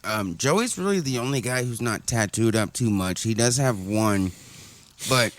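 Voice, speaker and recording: A man's voice: lowish voice, lively intonation, a little slow. A man in casual podcast chat, laid-back and profane, putting questions to the others.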